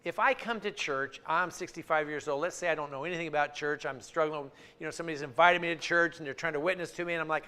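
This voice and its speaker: A man's voice: on the high side, quick pace, few pauses, sharp tone, clean tone. A man giving an informal church talk, conversational, often repeating words and restarting his sentences. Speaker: church speaker. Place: church sanctuary.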